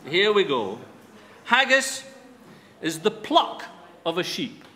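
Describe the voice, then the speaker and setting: A man's voice: a little high, sing-song, unhurried, fairly bright tone. A Scottish man giving a humorous after-dinner speech to a live audience, self-deprecating and wry, on a microphone in a large event hall. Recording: reverberant hall with light background noise.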